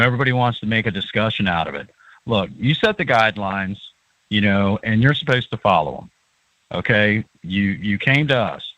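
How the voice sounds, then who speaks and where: A man's voice: mid-range voice, a bit bright, dry recording, muffled recording. A man who is a guest on a radio talk show, explaining in a lecturing way and often checking in with "okay".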